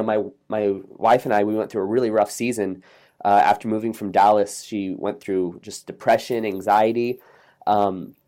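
A middle-aged man, a podcast guest, telling a joke and stories in a lively, optimistic way in a casual interview. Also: on the low side. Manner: energetic, optimistic, acts out voices in a joke.

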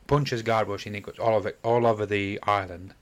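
Man, low voice, rambling, self-correcting, casual podcast host. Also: steady tone, brisk. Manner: rambling retelling, apologizes often. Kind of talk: casual chat.

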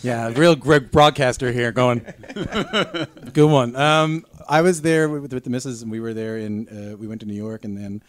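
A man's voice: medium pitch, moderate pace, fairly bright tone, no echo. A man hosting a podcast, chatting casually with teasing, jokey banter. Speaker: podcast host. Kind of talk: casual chat.

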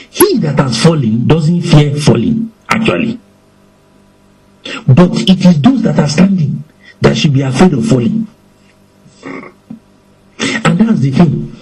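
Man preaching, fairly high voice, swooping lively pitch, acts out quotes. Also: poor audio.

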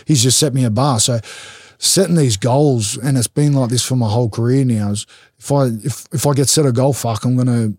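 A young man with an Australian accent talks in a mellow, relaxed voice at a middle pitch. He tells stories bluntly and swears freely, acting out the people in them. The sound is dry and close, with no room around it. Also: a little fast, no room sound. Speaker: rugby league player, guest. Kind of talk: casual storytelling interview.

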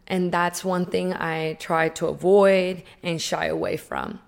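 A woman giving an earnest, emotional personal testimony, with emphatic pauses. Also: on the low side, very animated, creaky.

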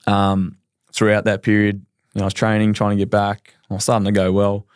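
A man's voice: fairly low pitch, monotone, brisk, smooth, dry recording, studio quality. A man in his thirties with an Australian accent, a footballer telling his story as a podcast guest in a candid, rambling way. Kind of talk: casual podcast interview.

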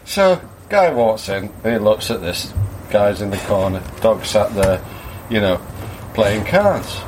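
A man's voice: lowish voice, big pitch swings, measured pace, slight background noise. A man telling a joke to family in a jovial way, stumbling and correcting himself. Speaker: joke teller.

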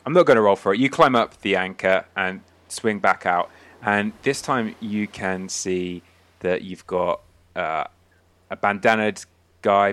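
A man narrating as game master of a tabletop game, throwing in quick voices for the characters. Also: low voice, fairly bright tone, no echo. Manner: voices the sailors in quick asides.

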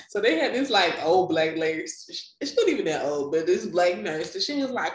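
A woman's voice: on the low side, brisk, hardly any pauses, slight background noise. A young woman chatting casually, telling a story with lots of laughter and acted-out voices. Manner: animated storytelling, laughing often, acting out quoted voices. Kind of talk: casual chat. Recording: echoey room.

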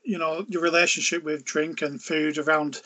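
A man hosts a podcast interview, asking his questions gently and with some hesitation. His voice sits a little higher than most men's. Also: flat delivery, moderate pace. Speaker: podcast host.

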